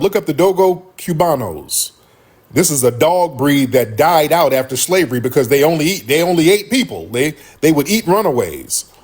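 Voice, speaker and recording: A man hosting a live stream, talking casually with loud laughter and profane banter. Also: on the high side, husky. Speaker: livestream host.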